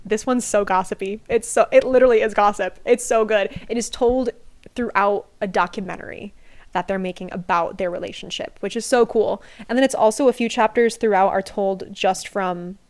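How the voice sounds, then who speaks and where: A young woman talks about books she loves in a relaxed home vlog. She is chatty, gushing and giggly, with a voice of ordinary pitch. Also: moderate pace. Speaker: book vlogger. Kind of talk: casual book review.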